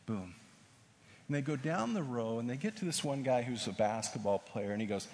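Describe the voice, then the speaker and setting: A male preacher telling an animated story in a sermon, recorded in a large hall. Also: mid-range voice, normal speed, long pauses. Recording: echoey hall with faint noise.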